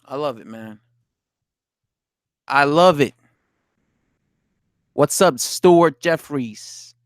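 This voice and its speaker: Speaking extremely slowly, this man has a somewhat high, clean-toned voice, recorded dry in clean studio sound. On his casual boxing stream he talks to chat, reading comments aloud and answering them while swearing, laughing and sounding indignant.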